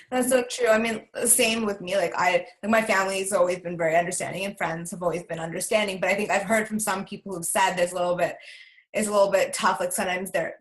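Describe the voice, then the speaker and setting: A young woman hosting a relaxed interview. She is friendly and a little hesitant, filling pauses with ums and likes. The room around her voice is noticeably echoey. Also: medium pitch. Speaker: host. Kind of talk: casual conversational interview.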